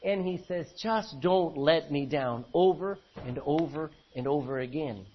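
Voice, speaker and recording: Man, pastor, sermon, husky voice, muffled lo-fi recording. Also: fairly high pitch, a little slow. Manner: reads scripture verse by verse, then explains with questions to the congregation. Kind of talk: expository sermon reading scripture.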